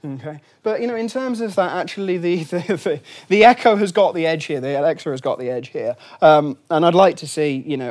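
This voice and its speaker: A fairly high-voiced, middle-aged man gives a relaxed lunchtime lecture. He talks in a loose, chatty way, full of ums, restarts and wry asides to the room.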